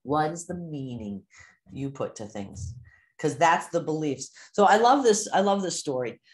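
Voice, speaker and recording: A woman mindset coach giving an animated teaching talk to a course group, acting out the inner voices people hear. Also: low-pitched, normal speed.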